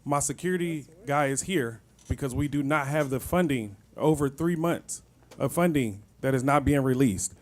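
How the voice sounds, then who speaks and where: A man's voice: medium pitch, normal speed, darkish tone. A man who founded a shelter provider, giving an impassioned public comment and begging officials to release funds. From Kansas City, Missouri. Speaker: nonprofit founder.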